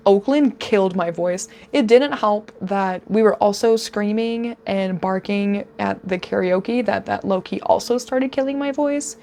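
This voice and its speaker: A woman in her twenties telling a storytime vlog, gushing and excitable, speeding up in rapid bursts. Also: mid-range voice. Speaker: vlogger.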